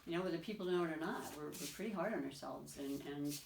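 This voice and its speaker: A woman's voice: sits low, quick pace, gravelly, a little mellow, reverberant, a little hiss or hum. A woman doing a casual, effusive tarot reading, rambling and restarting as she reads the cards aloud. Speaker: tarot reader.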